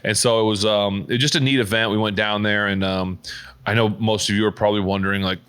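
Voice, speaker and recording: Rambling low-voiced man chatting. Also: steady tone, fast, fairly bright tone, smooth. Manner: rambling, many fillers and restarts. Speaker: podcast co-host. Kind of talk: casual chat.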